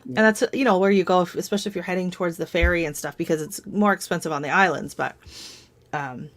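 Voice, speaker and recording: A woman chatting casually on a live stream from home, her voice sitting a little low for a woman. She rambles through long stories, trailing off and picking up again, and laughs often. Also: fast.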